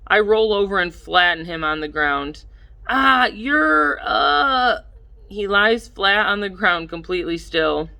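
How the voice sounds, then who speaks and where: Bright-voiced woman narrating an audiobook. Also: on the low side. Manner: measured, lively in dialogue. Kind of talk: first-person audiobook narration.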